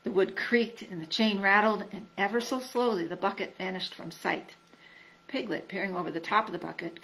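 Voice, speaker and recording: A woman reading a children's storybook aloud in an expressive storytelling manner. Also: medium pitch, rough recording. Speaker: storybook reader.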